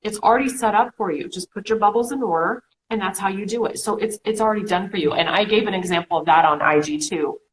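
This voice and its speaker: A woman's voice: medium pitch, quick pace, few pauses, slight background noise, rough recording. A woman in her thirties co-hosting a casual coaching chat, talking through examples with lots of "okay" and "you know". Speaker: co-host.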